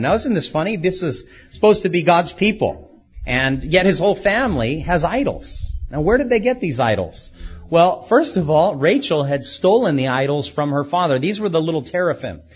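A man's voice: medium pitch, dull audio. A man preaching a sermon as a pastor, asking rhetorical questions and acting out quoted speakers.

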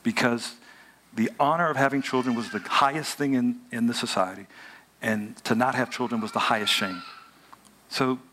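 A man preaching a lively, joking sermon in casual everyday speech and talking back and forth with a live audience. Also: medium pitch, moderate pace, slight background noise. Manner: animated, joking, colloquial, talks with the audience. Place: hotel event room before a live audience.

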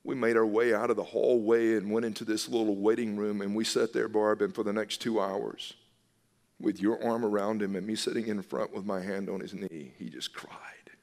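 Brisk and flat in delivery, the low-voiced pastor preaches with earnest emphasis and a slightly mellow tone, using repeated phrases to underline each point. His voice carries a long reverb, as if echoing through a church hall.

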